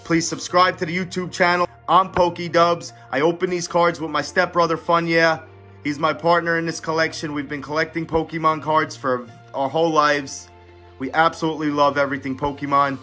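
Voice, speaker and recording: A man's voice: a little high, level tone, a little fast, bright, forceful tone, faint music behind. A man hosting a casual card-unboxing vlog, talking eagerly and chatting straight to his viewers. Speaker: card-opening channel host.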